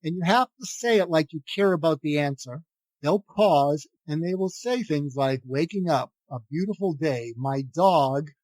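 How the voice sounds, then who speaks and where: An older man tells stories as a guest on a podcast and acts out the voices of the people in them. His voice sits a little high for a man. The recording is dry and close, with no room sound. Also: normal speed, dry recording. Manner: animated anecdotes, acting out quoted dialogue. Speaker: guest, psychiatrist. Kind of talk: podcast interview storytelling.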